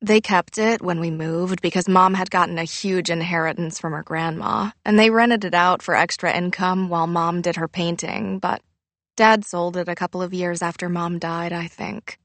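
A woman voicing a weary teenage girl who talks in a low-key, flat, matter-of-fact way. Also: normal speed, no echo. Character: weary teenage girl, grieving but dry.

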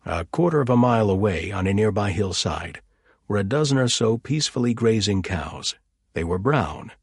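Low, husky male narrator. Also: animated, no room sound, clean studio sound. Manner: measured, descriptive storytelling. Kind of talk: audiobook narration.

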